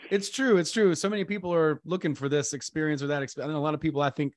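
A man's voice: fairly high pitch, steady tone, quick pace, no room sound. Dry-sounding man hosting a chat. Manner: laughs easily, short agreeing replies. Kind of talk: casual chat.

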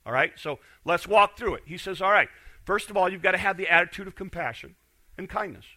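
A middle-aged man preaching with a very bright, forceful voice pitched a little high. He swings from loud emphasis down to quiet intensity and often restarts his words. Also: fairly quick. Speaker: pastor. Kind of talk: sermon.

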